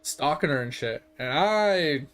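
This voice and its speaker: A young adult man who streams games, telling profane, animated stories in casual chat. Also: on the high side, unhurried. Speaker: gaming streamer. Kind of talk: casual storytelling.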